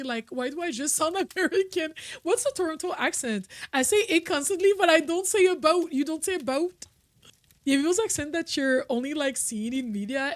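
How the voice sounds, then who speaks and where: A woman's voice: high-pitched, no echo. A young woman streaming a video game, chatting casually and rambling with frequent laughs. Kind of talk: casual gameplay commentary.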